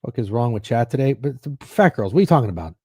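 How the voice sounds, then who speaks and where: A man's voice: mid-range voice, big pitch swings, quick pace, darkish tone, slightly rough, dry recording, clean studio sound. A man hosting a sports betting stream, chatting casually in a rambling, profane, sarcastic way. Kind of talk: casual livestream chat.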